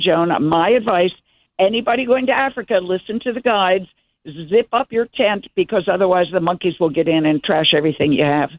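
A woman's voice: mid-range voice, no echo. Older woman on a tinny phone line. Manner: enthusiastic, meandering storytelling. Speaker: guest journalist. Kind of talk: casual interview over the phone.

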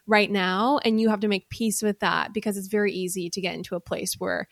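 Woman, podcast host, gravelly voice, chatty, rambling, dry close recording. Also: medium pitch, steady tone, brisk, no room sound. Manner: chatty, rambling, frequent affirmations. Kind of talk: conversational interview.

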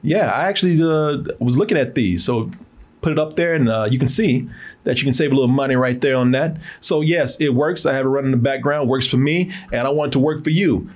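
A male host chatting in a relaxed, slangy way and reading a sponsor spot. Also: medium pitch, brisk. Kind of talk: casual talk with sponsor read.

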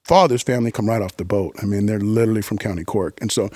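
A middle-aged man from New York telling stories as a podcast guest, animated and profane, with quick restarts and acted-out quotes. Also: fairly low pitch, dry recording, clean studio sound. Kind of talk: casual interview storytelling.

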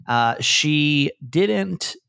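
Gravelly self-deprecating man chatting. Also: a little high, lively intonation, drawn-out words, sharp tone, dry recording, clean studio sound. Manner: rambling, self-deprecating, with frequent restarts. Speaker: radio host. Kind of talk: casual chat.

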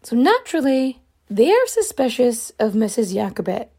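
A woman recounts an old murder case in a loose, chatty way, full of asides and filler words. Her voice sits a touch higher than most. She sounds like she is talking to friends rather than reading a script. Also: sing-song, normal speed, warm tone, slightly rough. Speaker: storyteller. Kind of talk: casual true crime storytelling.

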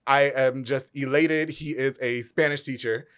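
A man hosting a podcast, rattling off sponsor shout-outs and chatting casually in a rapid, animated way. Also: mid-range voice, clear, resonant tone. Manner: rapid, animated, auctioneer-like delivery. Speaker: podcast host.

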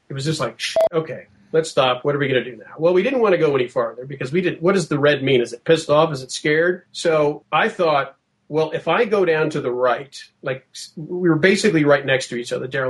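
A middle-aged man telling a long first-hand story in a podcast interview, vivid and animated, acting out what people said. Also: on the high side. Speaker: podcast guest.

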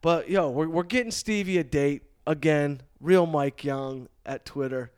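A man's voice: a little high, unhurried, smooth. A man in his forties hosting a casual chat, telling stories with energy, swearing and slipping into playful voices. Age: 40s. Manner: animated storyteller, swears, slips into playful voices. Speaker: podcast host.

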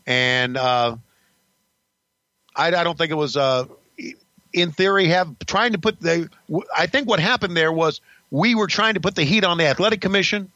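Brief: older male host, bright forceful voice, blunt and profane storyteller, dull dry recording. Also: on the high side, dry recording. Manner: blunt, profane, rambling with restarts. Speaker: podcast host recalling wrestling career. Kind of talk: casual storytelling.

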